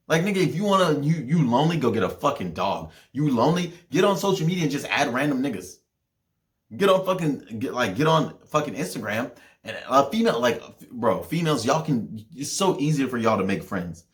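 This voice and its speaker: A young man hosting a podcast, ranting in a heated, profane way, with loud outbursts and low mutters. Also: animated, brisk. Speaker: podcast host.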